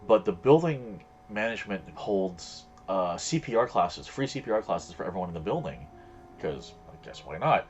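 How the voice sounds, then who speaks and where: A man's voice: sits low, sing-song, normal speed, lo-fi sound, soft background music. A man streaming a game and chatting casually, telling stories in a rambling way and acting out the voices of the people in them. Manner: rambling storyteller, acts out quoted voices. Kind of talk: casual chat while gaming.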